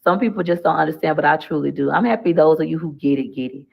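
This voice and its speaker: A woman's voice: low voice, fast, gravelly, husky, highs cut off. A middle-aged woman, talking through a casual live-stream monologue in a preachy, emphatic way that repeats phrases. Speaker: livestreamer.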